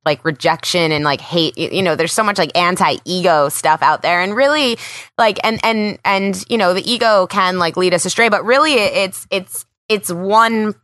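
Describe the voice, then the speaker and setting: A woman's voice: on the low side, moderate pace, fairly bright tone, no room sound. A young woman hosting a podcast interview, chatty and full of fillers, laughing easily. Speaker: podcast host. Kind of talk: casual interview chat.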